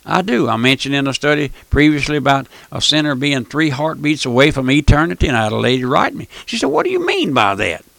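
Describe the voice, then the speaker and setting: A man's voice: mid-range voice, fast, gravelly, hardly any pauses, a bit bright, dry recording. A man preaching a fervent radio sermon, often repeating phrases and calling the listener "my friend". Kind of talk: fire-and-brimstone radio sermon.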